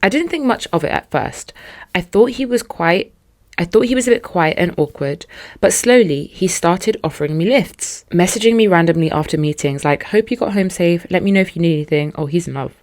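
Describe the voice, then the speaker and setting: A young woman hosting a podcast, reading out a listener's story and reacting with loud outrage. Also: fairly low pitch, animated, brisk. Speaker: podcast host.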